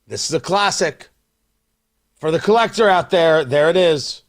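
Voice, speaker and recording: A man's voice: on the high side, unhurried. A man hosting a morning radio show, bantering in a teasing, mock-outraged way. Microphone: studio mic.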